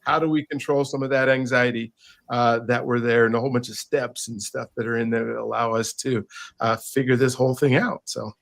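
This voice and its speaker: A man, an author and podcast guest, telling a story in an animated, casual way and often repeating words as he restarts. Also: medium pitch, brisk, creaky.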